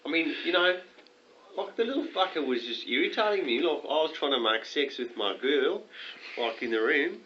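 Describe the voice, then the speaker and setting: A man's voice: fairly high pitch, expressive, moderate pace, bright, forceful tone, muffled recording, a little hiss or hum. A man telling a crude, rambling story in an improvised comedy skit, full of slang, recorded on a home video camera.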